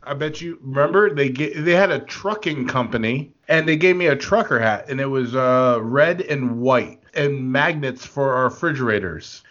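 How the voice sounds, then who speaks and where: A man co-hosting a casual podcast, telling rambling stories in an excitable way and laughing often. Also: medium pitch, moderate pace, few pauses. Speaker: podcast co-host. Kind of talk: casual chat. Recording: dull lo-fi podcast audio.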